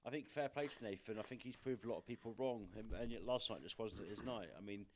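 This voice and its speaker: A young man presenting a darts podcast, chatting casually and quickly going over results and upcoming fixtures. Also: lowish voice, slight background noise. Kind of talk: casual sports podcast chat.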